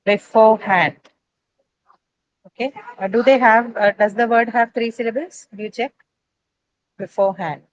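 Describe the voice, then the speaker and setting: A woman's voice: on the high side, fairly even intonation, a little fast, dull audio. A woman teaching an English class, explaining patiently with frequent fillers and check-in questions. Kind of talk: online class lecture.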